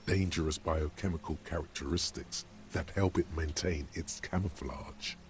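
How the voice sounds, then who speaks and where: Game narrator, extremely deep voice, solemn, measured, distant game audio. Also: male voice. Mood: grave.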